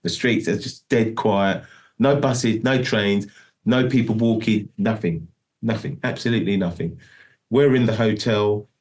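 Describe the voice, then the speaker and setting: Speaking at a measured pace, a middle-aged man with a lowish, darkish voice recounts a lengthy tale as a guest musician in a relaxed interview. He meanders and restarts frequently, peppering it with "do you know what I mean."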